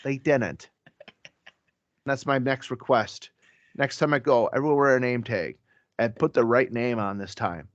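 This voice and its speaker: A priest with a mid-range voice chats casually on a podcast, telling stories at a measured pace with frequent pauses, asides, and self-corrections. The audio is dry and slightly dull, with no echo.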